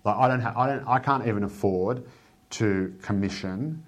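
A man's voice: fairly low pitch, normal speed. A man, a newspaper editor talking bluntly and sardonically in an interview, swearing freely. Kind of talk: candid interview talk.

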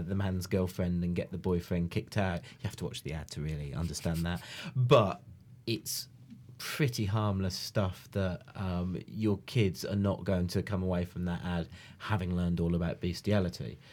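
A man's voice: deep voice, darkish tone. A man co-hosting a podcast in casual chat, rambling with many fillers and restarts. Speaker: podcast co-host.

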